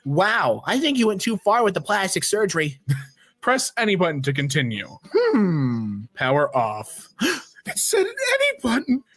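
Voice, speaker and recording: A man who reads memes aloud for his stream and jokes between them. His pitch sits a little high and jumps around a lot as he slips into quick silly voices. The recording is close and dry. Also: sing-song, fairly bright tone, dry recording. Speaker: meme reaction streamer. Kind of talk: reading memes aloud with commentary.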